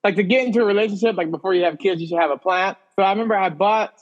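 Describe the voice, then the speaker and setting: A man co-hosts a comedy podcast, telling stories playfully and laughing through casual comedic chat. His voice is high and very fast, and the sound is lo-fi.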